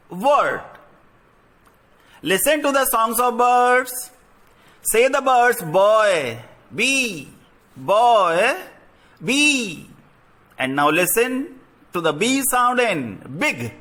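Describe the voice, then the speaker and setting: High-pitched male teacher, reads slowly for children. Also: sharp tone. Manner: slow, explains and repeats words. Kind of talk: reading a textbook lesson aloud.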